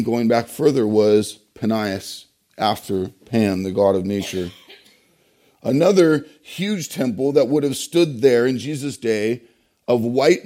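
A male pastor delivering a sermon in a mellow, darker voice. He leans on key words and poses rhetorical questions to the congregation, pausing to let them land. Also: medium pitch. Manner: emphatic preaching with rhetorical questions and pauses.

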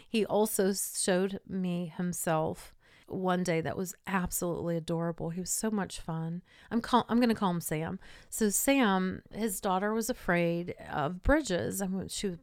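A woman hosting a podcast, telling a personal story in a casual, animated way, often laughing and dropping to a hush. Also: lowish voice, gravelly, dry recording, studio quality. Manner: animated, laughs often, drops to hushed tones for quotes. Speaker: podcast host.

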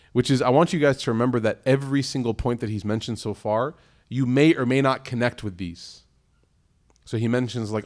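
Male religious teacher, mid-pitched, lively storyteller who addresses the crowd directly. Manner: animated, laughs along, speaks directly to the audience. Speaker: Islamic teacher giving a talk. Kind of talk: storytelling lecture to an audience of families.

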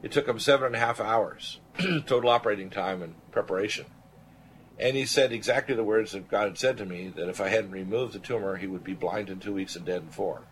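A man's voice: fairly low pitch, fairly quick, a little hiss or hum. An older man and radio show host telling a personal story with earnest conviction, acting out the voices of people he quotes. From Canada. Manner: earnest, animated testimony, quoting others.

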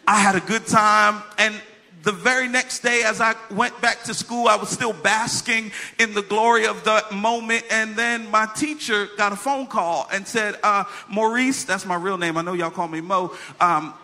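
A pastor preaching a sermon, reading scripture with humorous asides and telling a childhood story in a conversational way. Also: male voice, high voice, steady tone, normal speed, pushed and bright.

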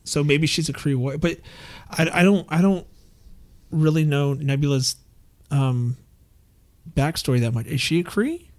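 A man's voice: a little high, measured pace, long pauses, a little mellow. A man casually recapping a comic book story, rambling with many fillers and restarts and acting out the characters' quotes.

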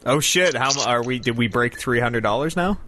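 A man hosts a relaxed podcast, talking in a middle pitch. He jokes and rambles with quick asides about games. He sounds like he is on a remote call. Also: slight background noise. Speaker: podcast host. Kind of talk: casual chat. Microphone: remote call mic.

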